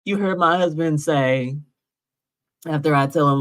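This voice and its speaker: A woman's voice: lowish voice, lively intonation, unhurried. A woman giving emotional commentary over a recording, earnest and often asking "right?". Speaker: vlogger narrating a recording.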